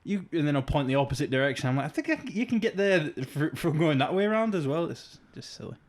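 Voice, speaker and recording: A young man from England co-hosting a podcast, easygoing and quick to laugh as he tells stories. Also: fairly high pitch, big pitch swings. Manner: laughs often, easygoing, trails off. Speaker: podcast co-host. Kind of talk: casual chat.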